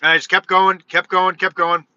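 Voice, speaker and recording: A man with a high, very bright voice tells a meandering story in a casual vlog, quoting himself and cursing freely. The sound is dry and a little muffled, with little room around it. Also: little pitch movement, fairly quick, dry recording. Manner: rambling, swears, quotes himself. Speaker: vlogger. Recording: dull lo-fi sound.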